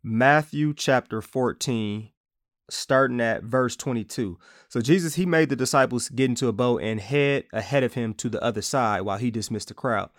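A man leads an informal Bible teaching for his podcast, speaking in a relaxed, chatty way. His voice sits at a middle pitch. The recording is dry, with no room echo. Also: moderate pace. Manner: casual, conversational, acts out quotes playfully.

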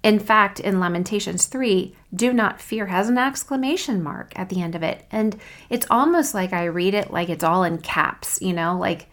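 A woman hosting a faith podcast, speaking in an earnest, reflective and encouraging way, reading scripture slowly and deliberately. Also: mid-range voice. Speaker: podcast host. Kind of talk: faith podcast devotional talk.

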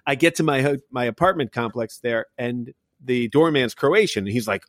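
A man's voice: medium pitch, moderate pace, few pauses, no room sound, studio quality. A middle-aged man hosting a casual sports talk show, telling rambling stories full of fillers. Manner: rambling storyteller, many fillers. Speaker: podcast host. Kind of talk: casual chat.

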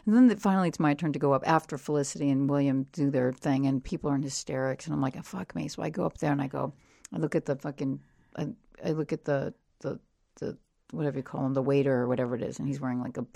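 Middle-aged woman comedian, low voice, crude animated storyteller, dry mic. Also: fast talker, vocal fry, no echo. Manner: profane, animated storyteller with frequent restarts. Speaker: comedian guest. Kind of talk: casual storytelling interview.

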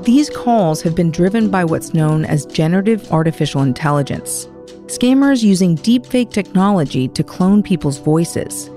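Mellow-voiced woman hosting a news podcast. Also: on the low side, animated, faint music behind. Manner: measured, explanatory. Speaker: guest podcast host. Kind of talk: scripted news podcast narration.

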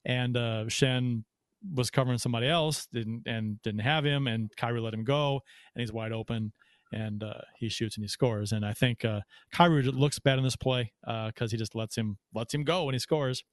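A man hosting a casual hockey podcast, breaking down plays in a halting way with many fillers. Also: mid-range voice, no echo, clean studio sound. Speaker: podcast host.

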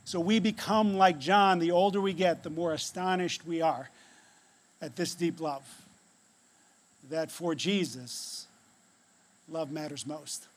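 A male pastor with a notably high voice delivers a sermon. He tells a story with dramatic pauses and lets his voice sink to a near hush on key phrases. He closes by leading a prayer. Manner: ends in prayer.

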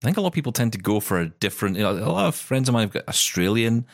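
A Scottish man co-hosts a tech podcast, talking very fast in a fairly low voice with animated enthusiasm and frequent mid-sentence self-corrections. The chat is casual, and the studio recording is clean with no echo.

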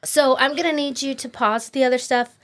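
A fairly high-voiced woman co-hosting a podcast in casual book chat. She rambles cheerfully and laughs often. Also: steady tone, brisk. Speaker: podcast co-host.

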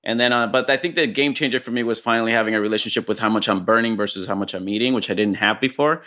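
A man's voice: fairly low pitch, rapid-fire, pushed and bright. A man, an actor and comedian, chatting casually as a podcast guest and telling a long rambling story with lots of restarts.

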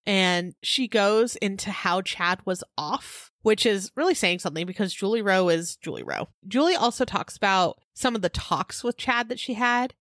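A woman's voice: mid-range voice, fairly bright tone, no echo, clean studio sound. A woman co-hosting a casual true-crime podcast, opinionated and indignant, full of fillers like "like". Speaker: podcast co-host.

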